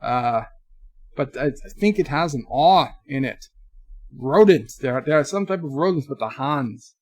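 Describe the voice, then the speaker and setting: A man's voice: mid-range voice, lively intonation, a little slow, darkish tone, dry recording, clean studio sound. A man putting on a bumbling Quebec character, hesitant and groping for words in a jokey way. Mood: goofy.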